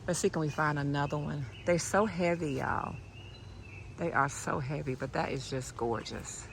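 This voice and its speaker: A woman, vlogging casually outdoors in her yard and chatting to her viewers, often dropping to a soft hush. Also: sits low, normal speed, vocal fry, noisy background. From United States. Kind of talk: casual chat to camera.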